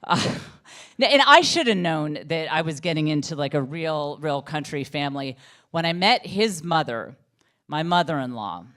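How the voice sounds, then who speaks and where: A middle-aged woman performing a stand-up comedy set, telling self-deprecating stories with animated delivery. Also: low voice, moderate pace.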